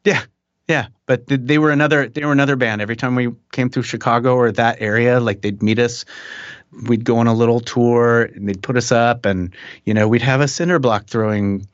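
A man's voice: medium pitch, fairly quick, no echo. Laid-back middle-aged man, dull dry sound. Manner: relaxed storyteller, chuckling, frequent restarts. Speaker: guest musician. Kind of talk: casual interview chat. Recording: dull dry podcast audio.

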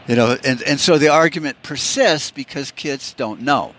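A man's voice: mid-range voice, moderate pace, hardly any pauses, fairly bright tone. A middle-aged man hosting a podcast, telling rambling, profane stories in a casual monologue and slipping into quoted voices. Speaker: podcast host.

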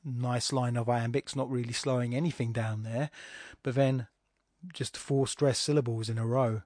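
A man's voice: mid-range voice, fairly even intonation, darkish tone, no echo. Man dissecting a poem in a dry close voice. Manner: thinks aloud with fillers and restarts, slows down to read lines aloud deliberately. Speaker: teacher and podcast host. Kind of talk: informal poetry analysis podcast.

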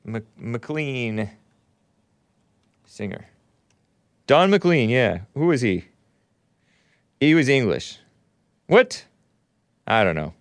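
A man's voice: medium pitch, no room sound. Scornful, sarcastic male talk radio host. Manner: scornful, sarcastic, rambling asides. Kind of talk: opinionated call-in radio talk.

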